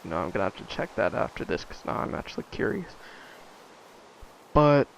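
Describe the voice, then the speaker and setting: With a lowish, very animated voice and vocal fry, this teen gaming vlogger talks a little fast while playing. His casual chatter rambles, packed with fillers and thoughts that fade out midway. A faint hiss or hum runs through the low-quality recording.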